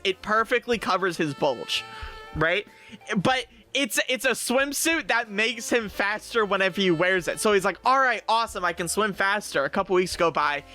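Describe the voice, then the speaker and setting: Excitable high-voiced man, rambling review. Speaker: streamer reviewing comics. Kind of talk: casual streamed review.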